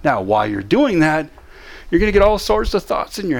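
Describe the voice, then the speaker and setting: A man's voice: on the high side, sing-song, a little fast, creaky. A man teaching how to manage depression, talking straight to the listener with emphatic, repeated short commands. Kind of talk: motivational teaching talk.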